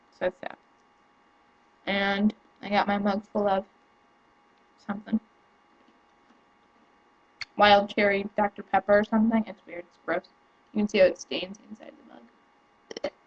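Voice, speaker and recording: Young woman vlogging at home, chatty and excitable, kinda muffled lo-fi audio. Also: mid-range voice, a little slow, pauses often. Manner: rambling and excitable, with many fillers and restarts. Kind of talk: casual chat to camera. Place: home room.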